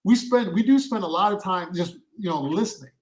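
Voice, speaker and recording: A man with a high speaking voice talks shop about acting on a casual podcast. He explains at length, doubling back and restarting his phrases as he goes. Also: fairly quick, poor audio. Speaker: podcast co-host and actor. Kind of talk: casual chat.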